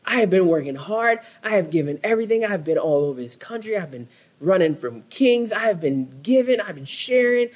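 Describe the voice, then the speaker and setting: A man's voice: high voice, animated, a little fast, pitched above the performer's own voice. A man voicing a worn-out male prophet pouring out his complaints in an emphatic, pleading outburst. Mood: exasperated. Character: worn-out male prophet, exasperated and self-pitying.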